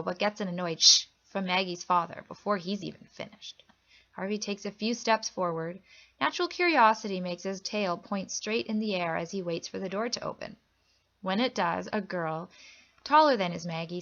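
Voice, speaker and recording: A woman reading a children's picture book aloud, telling it gently and expressively. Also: gravelly, lo-fi sound. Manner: gentle, expressive storytelling that lifts pitch for characters' lines. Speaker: storybook reader.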